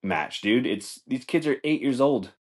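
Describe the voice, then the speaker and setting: A man's voice: medium pitch, expressive, measured pace. A man hosting a comedy podcast, rambling loosely through stories, swearing and laughing, saying dude a lot. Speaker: podcast host.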